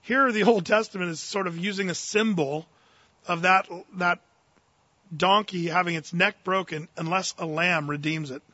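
Male pastor, high and bright voice, folksy and earnest, dry slightly dull recording. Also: moderate pace, no room sound. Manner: folksy and earnest, with fillers and slang. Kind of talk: verse-by-verse sermon.

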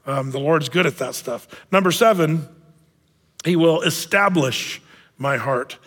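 A man's voice: a little high, a little slow, a bit bright, in a large hall. A male pastor delivering a conversational sermon, speaking with frequent fillers and restarts.

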